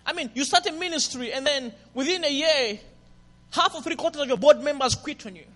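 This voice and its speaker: A man preaching a passionate sermon as a pastor, dropping to a hush and then building to shouts. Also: extremely high pitch, fairly quick. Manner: passionate, swings from hushed to shouting. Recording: reverberant hall.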